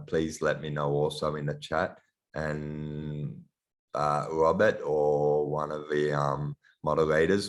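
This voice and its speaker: A man with a very low voice and an accent that blends Australian and European sounds gives a lecture over a video call. He talks in a halting way, full of ums and restarted phrases. He speaks as a middle-aged guest lecturer through a computer mic. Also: fairly bright tone. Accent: Australian mixed with European. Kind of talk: online lecture.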